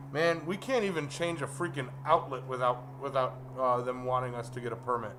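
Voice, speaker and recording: Slow-talking man joking with chat. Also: mid-range voice, noisy background. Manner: laughs often, jokes with chat. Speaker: livestream host. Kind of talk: casual live-stream chat. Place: forge workshop.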